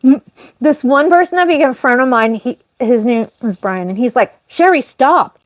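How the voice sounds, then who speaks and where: Rambling, apologetic woman streamer, higher voice. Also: moderate pace, dry recording, studio quality. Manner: animated, jumps up in pitch on emphasis. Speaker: livestream host. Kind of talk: casual live-stream chat.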